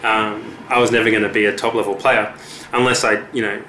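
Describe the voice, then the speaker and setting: A man's voice: on the low side, flat delivery, fairly quick, pushed and bright, slight background noise. Hesitant young man, echoey room. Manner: hesitant, many fillers and restarts. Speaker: musician guest. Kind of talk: casual interview chat. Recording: echoey room with faint ambience.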